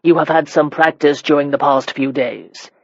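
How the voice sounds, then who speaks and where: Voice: medium pitch, fairly even intonation, moderate pace, dry recording, muffled recording, natural voice. A reader voicing a blunt, commanding elderly marquis in an audiobook. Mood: gruff. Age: older. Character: gruff elderly male marquis, imperious and sharp-tongued. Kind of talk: audiobook character reading.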